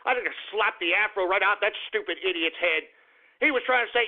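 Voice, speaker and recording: A man's voice: high voice, lively intonation, moderate pace. A man hosting a radio show, ranting crudely with a lot of profanity. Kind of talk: call-in radio rant. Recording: narrow phone-like radio audio.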